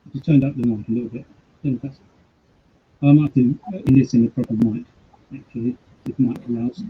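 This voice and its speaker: A man's voice: medium pitch, fairly even intonation, fairly quick, slight background noise. A man co-hosting a live stream, talking hesitantly while he fixes his audio on a muffled webcam mic. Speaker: co-host of a paranormal live stream. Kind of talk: casual chat. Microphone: webcam mic on a video call.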